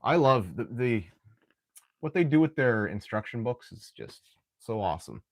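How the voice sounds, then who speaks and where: A young man hosting a live stream, chatting casually while he builds, often restarting sentences and clearing his throat. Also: mid-range voice, big pitch swings, moderate pace, no room sound, clean studio sound.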